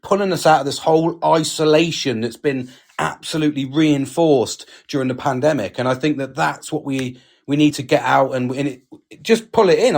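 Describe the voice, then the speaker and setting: A British man co-hosting a casual podcast chat, frank and sweary, talking with emphasis. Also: fairly high pitch. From United Kingdom. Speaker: podcast co-host.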